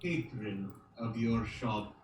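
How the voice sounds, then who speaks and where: A man playing in a tabletop game, talking in a slow, halting way with fillers. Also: on the low side. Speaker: player. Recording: echoey and noisy, far from the mic.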